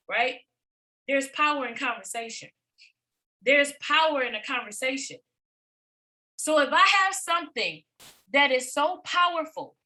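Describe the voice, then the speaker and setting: A woman's voice: sits high, pushed and bright, low-quality recording. A middle-aged woman coaching a team in a motivational training talk, repeating points emphatically and asking rhetorical questions. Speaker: business coach presenting to a team.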